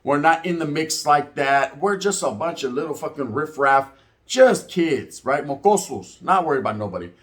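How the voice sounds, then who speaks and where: A man's voice: on the high side, animated, moderate pace. A man in his forties telling a story and giving his opinion in casual, profane street talk, often tagging his lines with "right?". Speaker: reaction video host.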